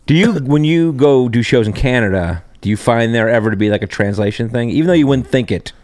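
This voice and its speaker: A man guesting on a podcast in a casual chat, chiming in quickly and often. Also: medium pitch, lively intonation, darkish tone, dry recording, clean studio sound. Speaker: guest, actor and filmmaker. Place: home studio room.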